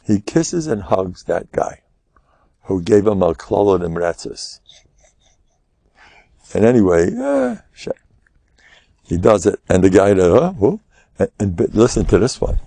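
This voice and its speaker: An older man, giving an animated storytelling class as a rabbi. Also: low-pitched, a little slow, pauses often, dry recording. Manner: animated, acts out quotes in raised voices, laughs often. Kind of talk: lively storytelling lecture.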